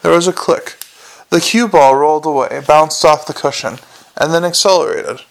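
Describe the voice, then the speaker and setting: A man narrating an audiobook, with measured storytelling and small slips. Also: on the high side, creaky.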